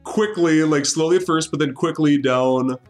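A man's voice: a little high, moderate pace, soft background music. Joking male dungeon master. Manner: loose, joking narration. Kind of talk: narrating a tabletop game.

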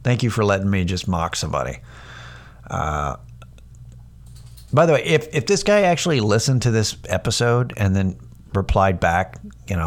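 A man's voice: sits low, expressive, normal speed. A man hosting a podcast, ranting sarcastically in a casual, profane, rambling monologue full of restarts. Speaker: podcast host.

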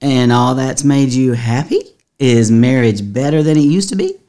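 A woman's voice: a bass voice, normal speed, mellow. A woman voicing a blunt old saint with a Texas drawl. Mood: incredulous. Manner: chiding, drawling "y'all". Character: older male saint, blunt and folksy, scolding. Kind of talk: imagined quote within a talk.

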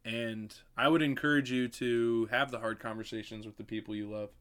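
Young dude cohost, earnest encouraging chat about faith. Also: male voice, mid-range voice, level tone, fairly quick, a bit bright, clean tone. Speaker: podcast co-host. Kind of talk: casual chat.

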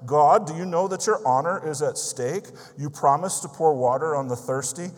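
A man voicing an old blacksmith who cries out to God in loud, pleading prayer. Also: fairly high pitch, normal speed, big-room sound, pitched above the performer's own voice, natural voice. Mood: impassioned pleading. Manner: pleading, impassioned, raised voice. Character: fervent old male blacksmith crying out in prayer.

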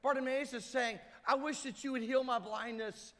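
High-voiced man preaching in a reverberant church. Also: steady tone, moderate pace, fairly bright tone. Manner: emphatic preaching, acts out crowd voices. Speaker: pastor. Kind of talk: sermon. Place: church sanctuary. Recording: hall reverb.

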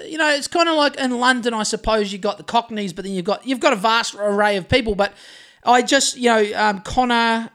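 Speaking in a mid-range, fairly bright voice, a New Zealand-accented podcast co-host trades casual banter. The chat is rambling and jokey, with plenty of fillers and restarts.

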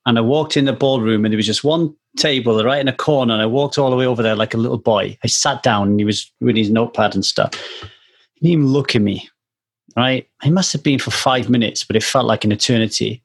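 Husky man telling a story. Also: medium pitch, fast talker. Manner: animated storyteller, acts out quoted voices. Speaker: podcast co-host. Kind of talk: casual podcast chat.

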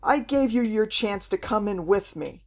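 A woman's voice: medium pitch, animated, normal speed, faint music behind, lightly acted. A woman reading aloud, voicing a mocking, desperate male villain in an audiobook. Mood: snarling. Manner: snarling, mocking.

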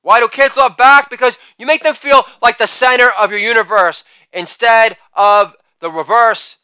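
A man in his forties delivering a rapid-fire joke monologue, brash and crude, with loud shouted catchphrases. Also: very high-pitched, smooth, dry recording. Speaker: comedian.

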